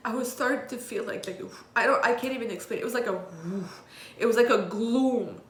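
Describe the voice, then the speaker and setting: In a confessional vlog, a woman with a slightly high voice tells her own hard life story fairly quickly, candidly and rawly, swearing bluntly. The recording has a roomy echo and a little hiss or hum.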